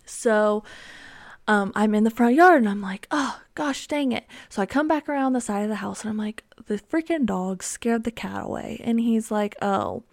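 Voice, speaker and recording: A woman's voice: medium pitch, moderate pace, gravelly, no room sound, clean studio sound. Rambling young woman telling a story. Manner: rambling, many ums and likes. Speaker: podcast host. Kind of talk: casual solo storytelling.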